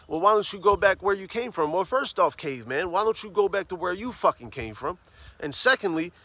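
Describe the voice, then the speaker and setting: A man preaching on the street, fervent, tagging phrases with "man" and "all right?" and reading scripture slowly and emphatically. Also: high voice, a bit bright, no room sound. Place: outdoors on a city street.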